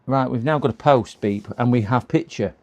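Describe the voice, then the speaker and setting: A man's voice: mid-range voice, normal speed, darkish tone. A man casually talking through a computer repair on a live stream, muttering to himself and chatting with viewers. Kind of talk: casual running commentary while working.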